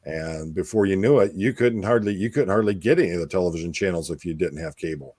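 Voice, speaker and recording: Host, male, very low voice, dry close sound, loose rambling chat. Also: quick pace, a little mellow, no echo. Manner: rambling, with many fillers and restarts. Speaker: podcast host. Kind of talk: casual chat.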